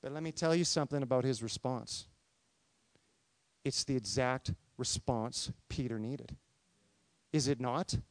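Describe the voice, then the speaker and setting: A man preaching a sermon, reading scripture and asking the congregation questions in an animated, conversational way. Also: mid-range voice, measured pace, pauses often, no room sound. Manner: animated, talks to congregation with questions, acts out quotes. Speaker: pastor.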